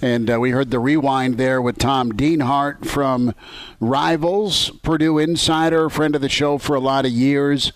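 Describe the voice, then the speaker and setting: A man's voice: medium pitch, steady tone, unhurried, no room sound, rough recording. A man hosting a sports radio show from his home kitchen, talking in a jovial, rambling way with many restarts. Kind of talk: casual sports radio chat.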